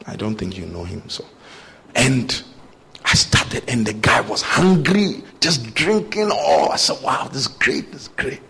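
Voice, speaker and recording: A young man preaches a sermon in an unhurried, medium-pitched voice with a breathy edge. He tells personal stories with animation, acting out both sides of each dialogue.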